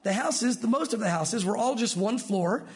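High-voiced man preaching a sermon. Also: normal speed. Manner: animated, acts out voices of people in the story. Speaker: pastor.

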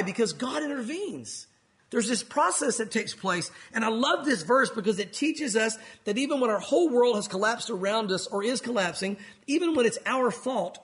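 Man, pastor, high voice, earnest sermon, acts out story figures. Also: fairly bright tone.

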